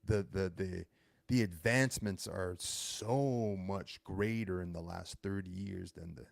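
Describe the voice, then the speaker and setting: Unhurried and steady, a gravelly, low-voiced man in his thirties hosts a show, telling a rambling story in a casual monologue and correcting himself repeatedly. No room sound is audible.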